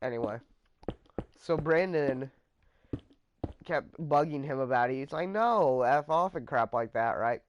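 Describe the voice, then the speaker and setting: A man's voice: mid-range voice, measured pace, pauses often, a little hiss or hum. A man casually telling a story about his friends in a rambling vlog, trailing off with fillers.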